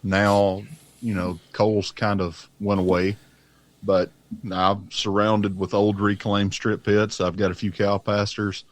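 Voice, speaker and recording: A man's voice: lowish voice, flat delivery, takes it slowly, no echo. A man with a Southern US accent from Alabama, a podcast guest telling stories in an easygoing, joking way. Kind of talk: casual chat.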